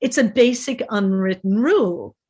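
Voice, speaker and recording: An Irish woman in middle age chats about literature in an animated, storytelling way. She slips into other people's pub talk as she goes, and her pitch sits in a middle register. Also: moderate pace, husky. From Ireland. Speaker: podcast guest. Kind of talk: casual literary discussion.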